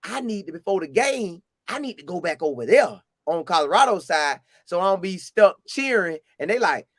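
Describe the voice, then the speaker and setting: This story of a game visit comes from a Florida man with a Southern accent who tells it casually and animatedly, raising his voice higher to act out quotes. His pace is moderate, and the studio-quality audio has no echo.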